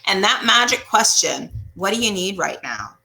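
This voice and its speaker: Animated, gravelly woman therapist. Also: medium pitch, moderate pace. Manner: animated, acts out quotes, often asks "right?". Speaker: couples therapist. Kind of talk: casual explanatory talk.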